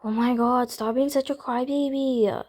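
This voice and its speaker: A woman's voice: fairly high pitch, steady tone, moderate pace, a little mellow, soft background music, lightly acted. A woman voicing a mean, bossy teenage girlfriend who snaps and insults in a doll role-play skit. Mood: irritated. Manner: curt and insulting.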